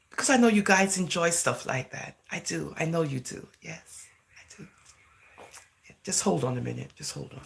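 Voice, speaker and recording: A woman from England with a low, gravelly voice vlogs in a chatty, rambling monologue to camera. She peppers it with "you know" and "right?" and slips into Jamaican-style phrasing.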